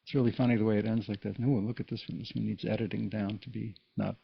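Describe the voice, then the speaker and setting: A man's voice: lowish voice, level tone, fast, gravelly, husky, no echo. A man giving a casual, patient Morse code lesson, explaining each step in plain words. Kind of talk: casual spoken tutorial. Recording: dull lo-fi recording.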